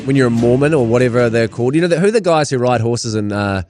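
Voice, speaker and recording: A man's voice: mid-range voice, quick pace, a little mellow, soft background music. A young New Zealand man with a Kiwi accent, rambling wryly through casual podcast banter as a guest co-host. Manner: wry, rambling storytelling.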